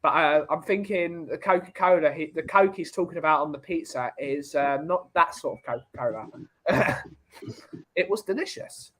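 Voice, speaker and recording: A man hosting a laid-back podcast, telling rambling jokey stories. His voice sits a little high for a man. He talks in a loose, chatty way. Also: moderate pace, fairly bright tone. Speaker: podcast host. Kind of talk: casual chat.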